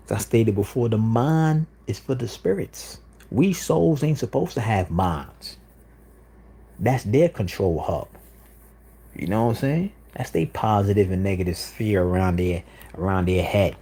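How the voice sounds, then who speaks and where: A man's voice: fairly low pitch, mellow, slightly rough. A man hosting a livestream, delivering an insistent, repetitive monologue with frequent "you know what I'm saying.". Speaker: livestream host.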